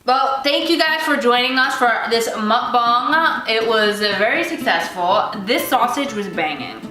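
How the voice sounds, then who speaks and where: A woman's voice: a little high, expressive, measured pace, bright, forceful tone, soft background music. A young woman hosting her own vlog, chatting frankly and casually with loose asides. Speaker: vlog host. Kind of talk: casual chat. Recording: echoey room.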